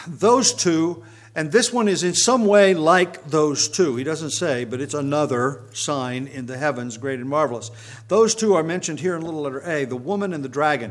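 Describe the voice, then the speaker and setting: A man teaching verse by verse through a Bible passage, explaining as he goes, with frequent ums and restarts. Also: on the high side.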